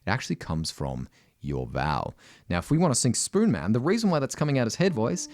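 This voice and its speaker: A man's voice: very animated, a little fast, no room sound. Australian man teaching singing, dry sound. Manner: direct, uses "right?" constantly, breaks into loud high sung examples. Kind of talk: singing lesson with sung demonstrations.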